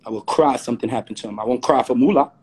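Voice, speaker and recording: A man's voice: medium pitch, very fast, darkish tone, husky. A man, ranting on a live stream and firing rhetorical questions. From Brooklyn, New York. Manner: combative, repeats rhetorical questions. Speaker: host. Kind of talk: heated live-stream rant. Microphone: phone or webcam on a live stream.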